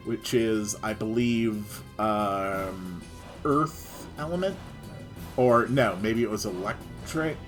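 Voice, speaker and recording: A man giving casual gameplay commentary with dry, joking asides. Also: medium pitch. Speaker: let's-play host.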